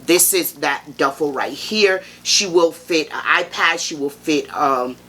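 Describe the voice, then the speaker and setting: A woman's voice: low voice, unhurried, a bit bright. A woman vlogger in a casual, chatty haul review, gushing and playful as she talks straight to her viewers. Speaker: fashion vlogger.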